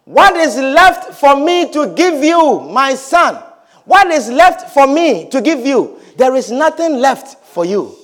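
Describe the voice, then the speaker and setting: A man preaching a sermon as a pastor, swinging between quiet, drawn-out words and shouted blessings. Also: very high voice, very animated.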